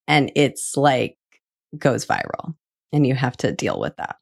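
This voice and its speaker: A woman's voice: a bass voice, very animated, measured pace, vocal fry, dry recording, studio quality. A woman hosting a podcast, casually laying out detailed hypothetical scenarios with lots of "like" fillers. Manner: spins vivid hypothetical scenarios, heavy on "like". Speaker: podcast host. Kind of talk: casual chat.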